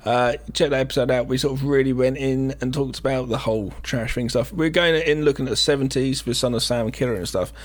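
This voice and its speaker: A man's voice: medium pitch, a little fast, hardly any pauses. A man co-hosting a podcast, chatting casually in a blunt, joking way and swearing freely. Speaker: podcast co-host.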